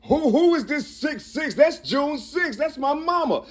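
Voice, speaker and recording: A man with a notably high voice talks in a rambling monologue he records himself. He works through numbers and letters aloud, repeating himself and asking "you see?" over and over. His delivery is halting and full of restarts. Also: lively intonation. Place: Cincinnati, Ohio.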